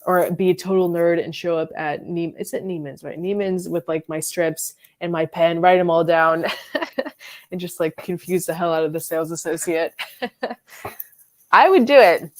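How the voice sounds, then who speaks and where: A fairly low, steady voice at a moderate pace belongs to a woman who reviews fragrances on her live stream. Sitting in her bedroom, she chats loosely about perfumes, rambling with lots of fillers and giggles.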